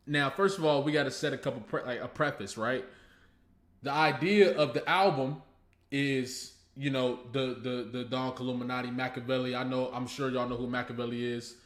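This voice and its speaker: A man hosting a reaction video, breaking down a rap song in casual, slangy and profane talk, often restarting his sentences and using fillers. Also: mid-range voice. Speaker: host reacting to a rap track. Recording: roomy echo, faint music behind.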